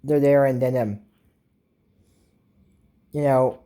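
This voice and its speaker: A young woman hosts a show recap, casually going over a cartoon episode, rambling with filler words and adding little whooshing sound effects. Her voice is rumbling low, warm and steady, and she speaks slowly.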